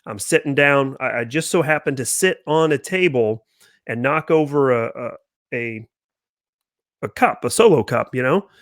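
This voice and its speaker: A young man hosting a casual interview, talking in a relaxed, rambling way. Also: medium pitch, moderate pace, no echo, clean studio sound. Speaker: podcast host.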